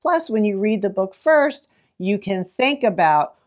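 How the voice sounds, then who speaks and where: A middle-aged woman teacher giving read-aloud tips, animated and dramatic, with sudden gasps. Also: mid-range voice, unhurried, hardly any pauses. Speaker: teacher and children's librarian.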